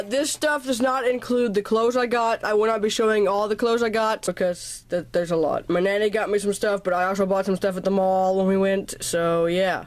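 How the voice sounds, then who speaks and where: A woman's voice: mid-range voice, no echo. A teenage girl vlogging at home about her birthday presents, chatty and rambling, a little sick and slightly out of breath, recorded on a camera's built-in mic in her bedroom. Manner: rambling, chatty, points at items one by one. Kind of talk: casual birthday haul vlog.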